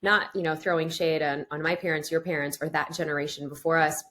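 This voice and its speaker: A woman's voice: low voice, flat delivery, brisk, a bit bright. A woman hosting a podcast, talking in a casual, enthusiastic way and praising her guest. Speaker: podcast host. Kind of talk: casual interview chat.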